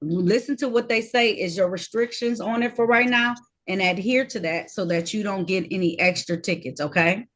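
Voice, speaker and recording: A woman's voice: medium pitch, normal speed, few pauses, a bit bright. A woman serving as judge in a court hearing held over a video call, talking in a firm, direct and sometimes scolding way.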